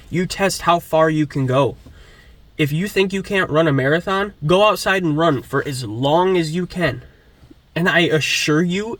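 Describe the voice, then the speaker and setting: A man's voice: fairly high pitch, fairly bright tone. A young man giving an earnest motivational talk before his gym day, swearing and repeating himself for emphasis. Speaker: fitness vlogger. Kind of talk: motivational monologue.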